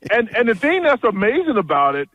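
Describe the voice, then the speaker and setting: A man's voice: very high-pitched, huge pitch swings, brisk, dry recording, muffled recording. A man chatting as a guest analyst on a radio show, blunt and jokey, telling stories with lots of restarts. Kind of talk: casual phone-in radio chat.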